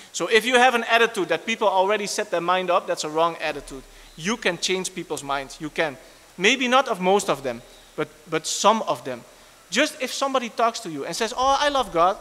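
High-voiced male preacher in a reverberant hall. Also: pushed and bright. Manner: earnest, emphatic preaching with repeated phrases. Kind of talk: sermon.

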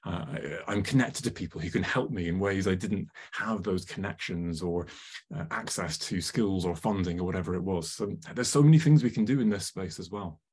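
A man's voice: sits low, a little fast, a little mellow, slightly rough. A man presenting a live online workshop, chatty and full of ums, often asking the audience questions over a video call.

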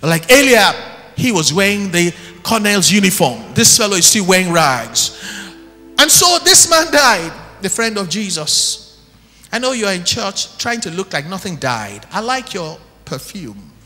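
Man, pastor, impassioned sermon, lively swooping pitch, long church reverb, faint music behind. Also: moderate pace. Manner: impassioned preaching, shouting then dropping low. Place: church hall. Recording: live church recording with long hall reverb.

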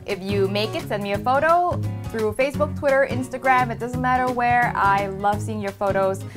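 A woman's voice: fairly high pitch, moderate pace, music in the background. A woman hosting a cooking show, walking through a recipe step by step in a casual, upbeat, chatty way.

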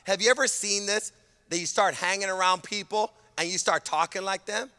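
A man from California, a pastor preaching a sermon with emphatic delivery that often rises to a shout. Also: sits high, moderate pace, clean tone, big-room sound. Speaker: senior pastor.

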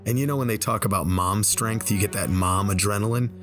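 Man, lowish voice, casual storytelling, conversational, faint music underneath. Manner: conversational, slows down for tense moments. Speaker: storyteller and game video creator. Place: voice-over over gameplay footage. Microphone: desk microphone.

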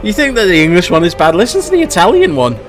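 A man's voice: high voice, wildly swooping pitch, quick pace, soft background music. A man hosting a casual reaction video, giving his opinion in a blunt, chatty way and often restarting his sentences. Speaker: YouTube reaction host.

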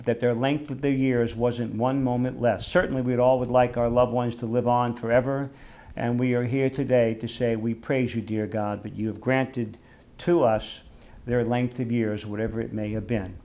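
An older man, a rabbi, giving a memorial service sermon in a gentle, heartfelt storytelling manner, slowing down for readings and prayers. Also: medium pitch.

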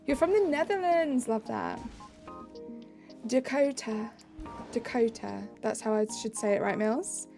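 A woman's voice: on the high side, very animated, normal speed, hardly any pauses, warm tone, soft background music. Bubbly young woman chatting with her stream. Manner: bubbly, answering chat messages aloud. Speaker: live streamer. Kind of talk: casual live-stream chat.

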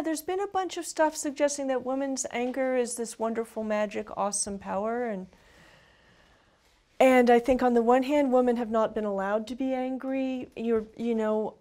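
A woman's voice: mid-range voice, a little mellow. A woman in her fifties, an author being interviewed, speaking reflectively with frequent restarts and asides.

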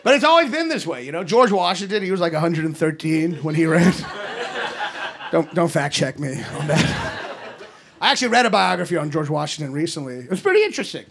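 A man in his thirties doing a stand-up set in a comedy club, ranting in an exasperated way and shouting his punchlines into a handheld mic. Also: fairly high pitch, sing-song, a little fast, crowd noise. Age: 30s. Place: comedy club basement before a live audience. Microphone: handheld stage microphone. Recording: live club recording with audience noise. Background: audience laughter.

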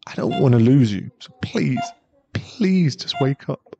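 A man's voice: medium pitch, lively intonation, a little slow, creaky, lo-fi sound. A man in an ASMR role-play, voicing a young boyfriend at a hospital bedside who pleads, stammers and sounds close to tears. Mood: pleading. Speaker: ASMR voice actor.

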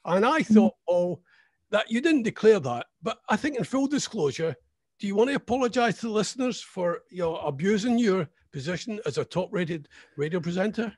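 A man's voice: sits high, expressive, fairly quick, darkish tone, no room sound, studio quality. A man co-hosting a radio show, teasing his partner with mock-serious questions in casual banter. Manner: teasing, hesitant, full of restarts. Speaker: radio co-host.

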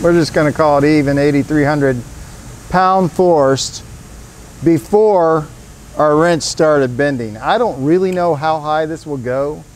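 A man's voice: on the high side, unhurried. A man presenting his company's tool in a casual, upbeat product demonstration with salesman energy, in a workshop.

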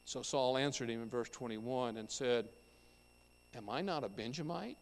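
A pastor preaching a sermon, reading scripture aloud and explaining it verse by verse. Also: male voice, mid-range voice, moderate pace. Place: church sanctuary. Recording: church hall with long reverb.

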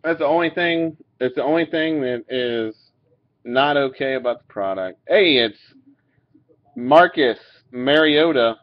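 Through dull, lo-fi webcam audio, a mid-range male voice calls out cards as he casually opens packs. His delivery is animated but measured, and he stays laid-back, swearing occasionally and laughing along the way.

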